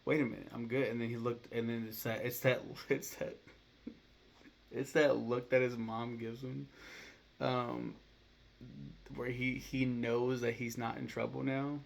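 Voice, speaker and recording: A young man with a gravelly voice chatting casually to camera, rambling, swearing freely and acting out scenes in quick voices. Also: mid-range voice, little pitch movement. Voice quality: gravelly fry. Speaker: YouTuber ranking movies. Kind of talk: casual vlog chat to camera. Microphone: camera mic, talking to camera.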